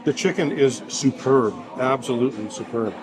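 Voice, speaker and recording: A man's voice: mid-range voice, normal speed. A man reviewing food in a casual vlog, enthusiastic and tasting as he talks, in a restaurant. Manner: enthusiastic, tasting while talking. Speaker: food vlogger. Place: indoor restaurant. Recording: busy restaurant chatter behind.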